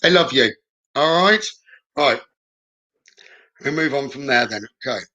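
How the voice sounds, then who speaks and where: A man's voice: mid-range voice, animated, unhurried, sharp tone, lo-fi sound. A man giving spirit messages as a psychic medium, reassuring and punctuating with "okay?". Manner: reassuring, keeps adding "okay?". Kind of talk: live spirit-message reading.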